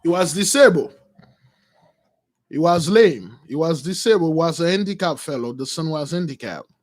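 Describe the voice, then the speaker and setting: High-voiced man retelling a Bible story. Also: expressive, normal speed. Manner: acts out characters, shouts and laughs; loose, slangy retelling with restarts. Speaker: preacher.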